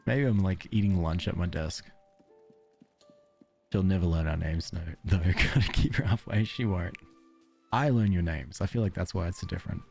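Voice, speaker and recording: Aussie guy streaming, deep dark voice, jokey n self-deprecating, laughs a lot. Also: normal speed, vocal fry, faint music behind. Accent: Australian. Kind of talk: casual chat with stream viewers.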